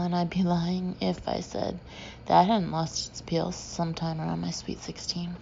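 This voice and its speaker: A woman narrating a humorous memoir audiobook with a dry, deadpan delivery. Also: lowish voice, gravelly, lo-fi sound, slight background noise.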